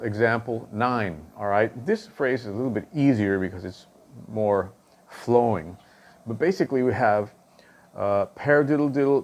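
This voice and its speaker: A man's voice: lowish voice, a little mellow. A male drum instructor explaining stick technique, counting and calling out stickings and checking in with "okay?" after each point. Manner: counts and calls out stickings aloud.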